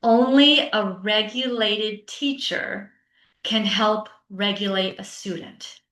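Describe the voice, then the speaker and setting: Bright-voiced woman presenter, roomy sound. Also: mid-range voice, fairly even intonation, takes it slowly. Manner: conversational, often adds "right?" for agreement. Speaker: teacher coach and presenter. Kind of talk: conference talk to teachers. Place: online session with a chat. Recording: roomy echo.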